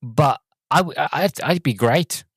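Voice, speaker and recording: A man's voice: a little high, a little slow, slightly rough, no echo. A podcast host in his twenties reviewing a film in a casual solo talk, rambling and enthusiastic with lots of fillers. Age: 20s.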